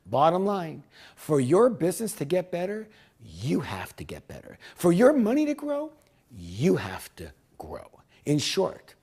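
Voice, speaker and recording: A middle-aged man giving a motivational speech, emphatic and swinging between loud punches and hushed lines. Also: on the high side, wildly swooping pitch, measured pace, husky. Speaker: motivational speaker.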